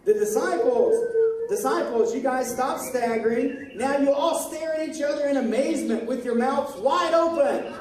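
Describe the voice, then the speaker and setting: Woman children's ministry teacher, high pitch, animated and coaxing, distant in a reverberant hall with kids around. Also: moderate pace, crowd noise. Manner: animated, coaxing, prompts lines for children to repeat. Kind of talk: directing a children's Bible skit. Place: large echoey church hall with children. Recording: echoey hall, distant mic, children chattering.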